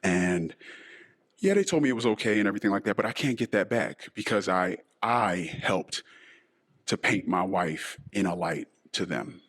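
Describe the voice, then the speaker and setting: Deep-voiced man in a disguised voice. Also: animated, fairly bright tone. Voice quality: deliberately disguised voice. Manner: emotional, halting and sighing. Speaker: podcast host. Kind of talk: personal monologue podcast.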